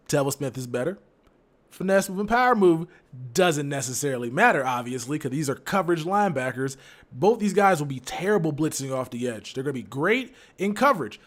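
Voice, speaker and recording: A man's voice: on the high side, a bit bright. A young man hosting a gaming channel, giving casual, rambling commentary over gameplay. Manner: chatty, repetitive, rambling.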